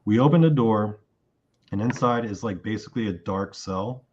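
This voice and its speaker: Male interview guest, lower voice, casual animated storyteller, muffled lo-fi audio. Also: moderate pace, slightly rough. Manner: animated retelling of a dream, acting out his own lines.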